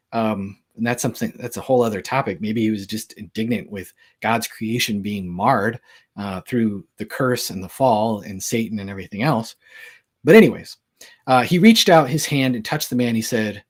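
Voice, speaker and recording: A man's voice: mid-range voice, breathy edge. A man talking casually about the Gospels, reading verses aloud and explaining them with plenty of fillers. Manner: conversational, many fillers, reads verses aloud. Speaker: Bible teacher.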